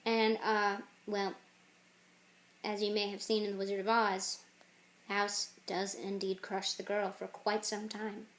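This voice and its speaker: A woman casually pitching a game idea, rambling with jokey asides. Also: flat delivery, unhurried. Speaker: channel host.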